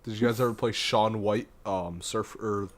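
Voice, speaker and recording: A man's voice: fairly low pitch, steady tone, normal speed. A young man co-hosting a podcast, chatting and joking with slang in casual talk. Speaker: podcast co-host. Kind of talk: casual chat.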